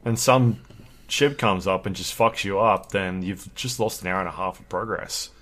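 A man co-hosting a podcast in casual chat, talking in a relaxed way with casual swearing and fillers. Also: deep voice, moderate pace. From Australia. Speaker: podcast co-host.

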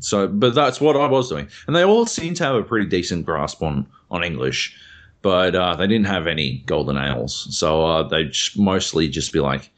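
Low, lively Australian man chatting. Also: moderate pace. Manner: rambling, swears freely. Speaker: podcast co-host. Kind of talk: casual chat.

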